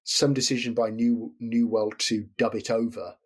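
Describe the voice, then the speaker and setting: Man, husky voice, podcast guest, rambling, lots of restarts. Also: mid-range voice, little pitch movement, normal speed. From Britain. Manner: discursive, restarts and qualifies often. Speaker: podcast guest, film scholar. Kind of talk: casual chat.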